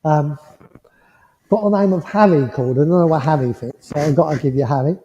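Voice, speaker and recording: A gentle, reassuring man gives a mediumship demonstration, his voice high and dark in tone. The sound is dull and muffled, and it rings with the long reverb of a village hall. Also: brisk, a little hiss or hum. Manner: gentle, reassuring, checks in with "yeah?" often.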